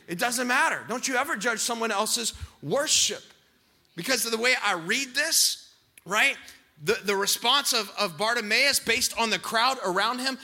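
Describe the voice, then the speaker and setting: Bright-voiced high preacher, dynamic and urgent. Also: male voice, gravelly. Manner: swings from shouted pleading to hushed, low intimate lines; acts out quoted voices, calls out to the congregation. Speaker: pastor. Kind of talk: sermon.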